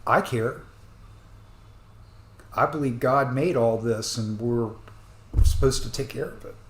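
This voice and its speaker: A man rambling through an earnest, apologetic rant as a commentator reacting to the news, breaking into sudden loud bursts. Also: mid-range voice, echoey room, slight background noise. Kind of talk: rambling ranting monologue.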